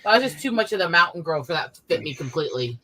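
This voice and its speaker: A woman's voice: low-pitched, sing-song, fast talker, bright, forceful tone. A woman in her forties, co-hosting a livestream, telling a story in casual chat, laughing often and swearing freely. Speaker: podcast co-host.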